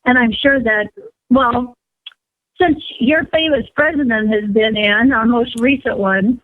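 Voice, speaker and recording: A woman's voice: a little high, unhurried. A woman calling into a radio show, blunt and opinionated, with frequent fillers. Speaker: caller. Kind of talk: phone-in call. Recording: tinny phone line.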